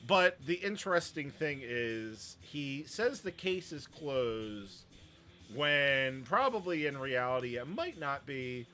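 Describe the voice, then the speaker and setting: A man's voice: mid-range voice, sing-song, slow, sharp tone. A man hosting a wrestling show, chatting casually about the news and giving his opinions, with a rambling manner and many fillers.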